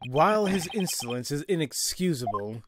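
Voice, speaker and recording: A man reading the lines of a calm young male prosecutor in a measured, formal way, over game music. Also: fairly high pitch, background noise. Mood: composed.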